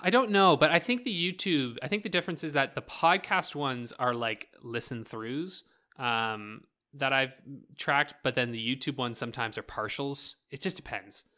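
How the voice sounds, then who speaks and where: A male podcast co-host in loose, chatty conversation. His voice swings all over the place and sounds bright and forward. He laughs easily and fills his talk with likes and ums. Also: medium pitch, moderate pace. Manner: animated, laughs often, filler-heavy. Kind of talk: casual chat.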